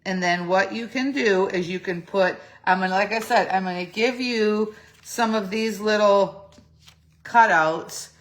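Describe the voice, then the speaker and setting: Talking a little slowly in a mid-range voice, a middle-aged woman demonstrates a craft project one step at a time. It's a casual, chatty tutorial where she muses aloud and corrects herself, and there's a slight phlegminess in her throat.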